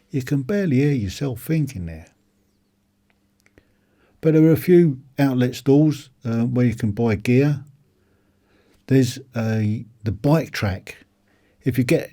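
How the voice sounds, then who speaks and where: A man's voice: medium pitch, warm tone. A man rambling casually about a motorbike show, with plenty of ums and restarts. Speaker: motorcycle vlogger. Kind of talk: casual walkaround commentary.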